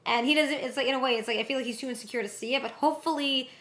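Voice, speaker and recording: A young woman with a high, bright voice talks through a show she just watched, animated and rambling. She keeps slipping into quick character voices to act out lines, then drops back into casual chat. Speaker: co-host of a reaction show.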